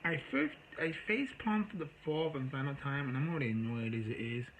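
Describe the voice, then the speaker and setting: A man's voice: mid-range voice, brisk, a bit bright, a little hiss or hum, poor audio. A man telling a rambling, exasperated story in a casual monologue to his viewers. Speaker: storyteller vlogger.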